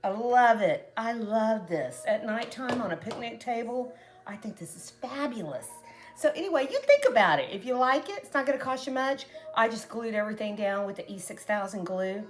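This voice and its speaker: A middle-aged woman from Texas with a Texan accent, chatting casually to viewers as a craft and cooking vlogger with animated storytelling. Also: on the high side, normal speed.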